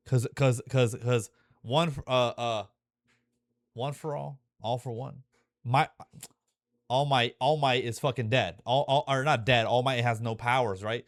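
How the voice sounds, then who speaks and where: A man's voice: medium pitch, steady tone, measured pace, dry recording, studio quality. A young man talking casually and profanely, full of fillers and restarts, growing emotional and intense as he goes. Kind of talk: casual rambling monologue.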